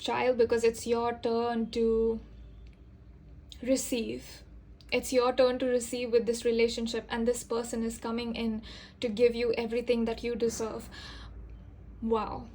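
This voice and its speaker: A woman gives an intuitive tarot reading in a gentle, earnest, soft-spoken way, reassuring the listener and using lots of fillers. Her voice is a little high and monotone, at a normal speed.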